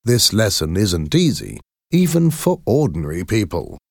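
A man's voice: lowish voice, sing-song, normal speed, gravelly, no room sound, studio quality, heavily acted. A man voicing a kind, earnest Victorian doctor who speaks reassuringly. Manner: warm and reassuring.

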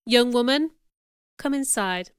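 A gentle, earnest young clergyman, voiced by a woman reader with little attempt to sound male. Her voice stays fairly high, very smooth and resonant, and recorded dry and close. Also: expressive, takes it slowly, dry recording. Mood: calm. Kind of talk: audiobook character reading.

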